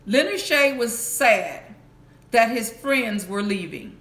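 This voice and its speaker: A woman's voice: on the high side, animated, fairly bright tone. A woman reading a bedtime story for grown-ups aloud, reading carefully and sometimes correcting herself. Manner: slow, careful reading with small restarts. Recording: echoey room.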